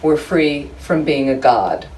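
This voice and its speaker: Slow-paced and deep, with big swings in pitch and a slightly mellow quality, a woman teaches a small Buddhist study group in a room. Her informal dharma talk is chatty and humorous, with many asides to her listeners, captured by a distant recording with faint background noise.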